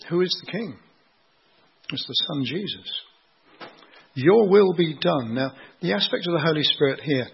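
Guy preaching, very husky breathy voice, patient teacher tone, kinda dull lo-fi sound. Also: a little high. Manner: explanatory, unhurried teaching with rhetorical questions. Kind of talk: sermon teaching on scripture.

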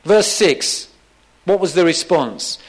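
Slow, lively high-voiced male preacher. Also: husky. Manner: emphatic, repeats key phrases for weight; acts out quoted lines in a softer, lower voice. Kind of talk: sermon.

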